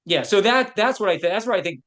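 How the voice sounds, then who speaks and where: A man's voice: high-pitched, lively intonation, fast, fairly bright tone. A man who works as a film producer, a guest on a podcast, telling anecdotes in a loose way full of "you know". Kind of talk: casual interview chat.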